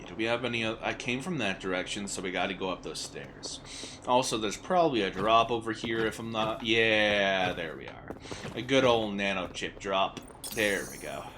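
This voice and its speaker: A man giving casual, jokey gameplay commentary as a gaming streamer, excitable and swearing freely, with game music behind him. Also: fairly low pitch, background noise.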